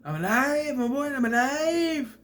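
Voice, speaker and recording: A man mimicking a newly alive wooden puppet boy with a shrill, squealing, overexcited voice. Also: expressive, fairly bright tone, exaggerated voice. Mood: ecstatic. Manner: squealing, drawn-out mockery.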